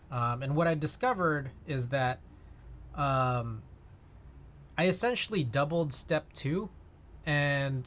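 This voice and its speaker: A man chatting casually on his livestream, rambling with lots of fillers and answering chat. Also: mid-range voice. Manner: rambling, many fillers, reads chat aloud.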